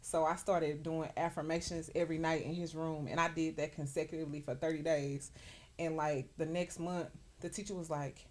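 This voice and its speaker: A woman, a podcast guest in casual conversation, telling stories with lively acted-out quotes. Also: sits low, moderate pace. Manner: animated storyteller, acts out quotes.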